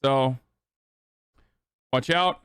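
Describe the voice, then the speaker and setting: A man's voice: mid-range voice, extremely slow, fairly bright tone, clear, resonant tone, no room sound. A man streaming live, reacting to clips with loose, profane, rambling commentary.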